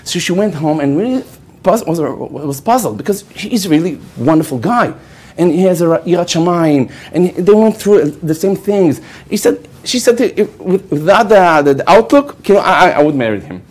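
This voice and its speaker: Israeli guy, a rabbi telling a story, bit high voice, swings up and down a lot, keeps chuckling. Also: moderate pace. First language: Hebrew. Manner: animated storyteller, laughs often, many fillers like okay. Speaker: rabbi and lecturer. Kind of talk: storytelling lecture.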